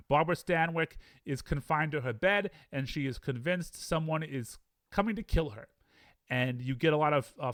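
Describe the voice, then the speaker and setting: A man rambles cheerfully through a ranked list of films, asking himself aloud which title beats which. His voice sits a bit high and swings widely in pitch. The sound is close and dry, with no room around it. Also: no echo. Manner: chatty, enthusiastic, debates rankings aloud with himself. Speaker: film reviewer. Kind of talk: casual film-ranking monologue.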